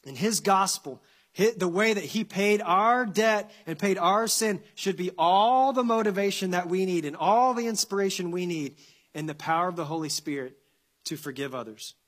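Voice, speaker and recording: A man with a notably high voice delivers a sermon. He speaks earnestly and presses his points through repetition, rising into impassioned emphasis before settling into prayer. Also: lively intonation, moderate pace, a bit bright. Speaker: pastor.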